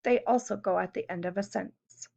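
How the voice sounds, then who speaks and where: A woman teacher with a mid-range, gravelly, dark-toned voice speaks a little fast in a recorded classroom lesson, patiently explaining step by step and posing questions to her students. The recording is dull and lo-fi.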